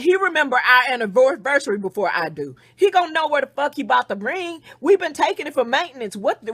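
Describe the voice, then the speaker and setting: A woman's voice: high voice, fairly bright tone, dry recording. A woman telling a story in a casual, profane rant over the phone and acting out what other people said. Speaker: podcast host. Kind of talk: casual venting on a phone call.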